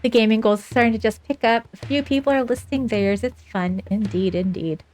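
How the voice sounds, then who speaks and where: A woman's voice: fairly high pitch, a little fast, a little mellow, faint music behind. Chatty, swearing woman streamer. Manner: chatty, sarcastic, swears a lot. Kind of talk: casual live game stream chat.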